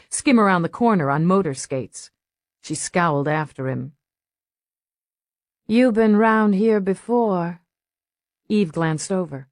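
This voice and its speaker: A woman narrating a crime audiobook in a steady, measured storytelling voice on a close mic. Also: lowish voice, no room sound. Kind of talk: scripted narration.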